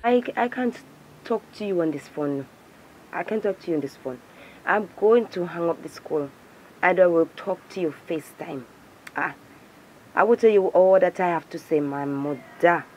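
A woman's voice: on the low side, normal speed, darkish tone, slight background noise, natural voice, low-quality recording. A woman playing a scornful, fed-up young adult daughter in a comedy sketch. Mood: hurried.

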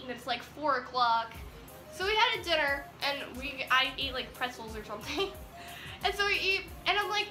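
A teenage girl excitedly retelling a story in a vlog, acting out the dialogue as she goes. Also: high voice. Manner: bubbly, animated retelling with quoted dialogue. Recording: echoey room with faint music.

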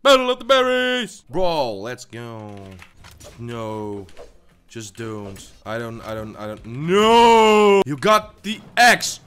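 Excitable gamer man yelling and muttering. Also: slow pace. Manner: excitable, swings from loud outbursts to low muttering; swears, stammers and repeats himself. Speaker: gaming YouTuber. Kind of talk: live gameplay commentary.

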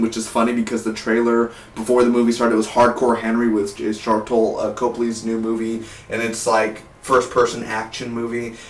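Brief: young male film vlogger, enthusiastic and rambling, middle pitch, echoey room with the mic set back. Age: 20s. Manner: rambling, restarts sentences, enthusiastic. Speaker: film reviewer. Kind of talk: casual vlog review. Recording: roomy, distant from the mic.

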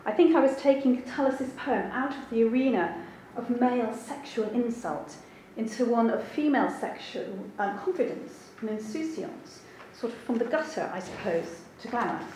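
Woman, academic lecture, higher voice, heavy room echo, faint hiss, thoughtful, hedging ums. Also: lively intonation, normal speed, hardly any pauses, darkish tone. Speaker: translator giving a seminar talk.

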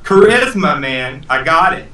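A man from North Carolina co-hosting a live talk show, trading quick cocky jokes and doing a mock auction chant. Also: fairly high pitch, very animated, bright, forceful tone. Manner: joking, cocky, quick banter. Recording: roomy sound, distant mic, faint noise.

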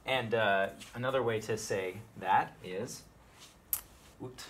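A man with a very low voice gives a spoken Latin tutorial. He explains each phrase in a relaxed classroom manner, then repeats the Latin slowly for learners to copy. A faint hiss of noise sits behind him. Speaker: Latin teacher.

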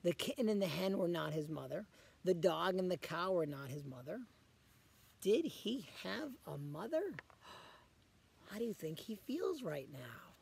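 A man reading a picture book aloud to children as a guest reader, pausing often to ask the children questions. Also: high voice, big pitch swings, gravelly, a little hiss or hum.

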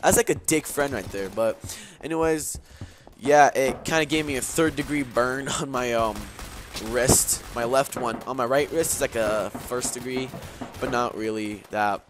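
Playing a shooter, a young man hosting a gaming video rambles through a story in casual commentary, heavy on swearing and fillers. He speaks at a normal speed in a mid-range voice against a noisy background of gunfire and clicks.

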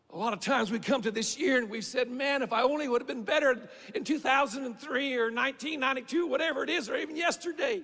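Male pastor, fervent sermon; husky, gravelly high voice in a reverberant sanctuary. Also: quick pace, few pauses, faint music behind. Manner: fervent preaching, swings between shouting and quiet. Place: church sanctuary.

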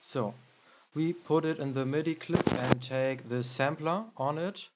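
A man hosting a music production tutorial, explaining in a halting way with many fillers. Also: a little high, heavy background noise.

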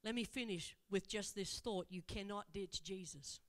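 A woman evangelist preaching in a church, telling the story in an animated way and asking rhetorical questions. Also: medium pitch, moderate pace. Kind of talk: sermon.

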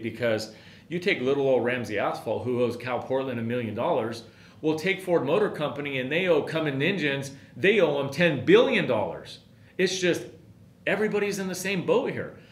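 Earnest middle-aged man telling a story. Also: medium pitch. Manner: earnest, emphatic, repeats himself. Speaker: podcast host, company owner. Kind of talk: storytelling monologue. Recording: roomy with faint background hiss.

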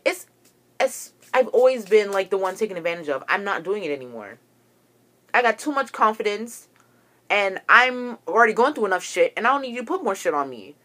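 A woman's voice: medium pitch, big pitch swings, fairly quick, pushed and bright. A young woman ranting to camera, agitated and profane as she tells a story about a falling-out. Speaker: vlogger.

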